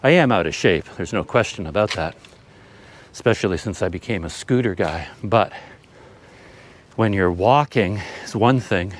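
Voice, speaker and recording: A man vlogs as he hikes up a trail outdoors, out of breath and huffing between thoughts. His voice sits a little low. He talks in a rambling, self-deprecating way into the camera he holds. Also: lively intonation, normal speed, a little hiss or hum. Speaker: travel vlogger. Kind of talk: casual vlog talk while hiking. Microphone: handheld camera.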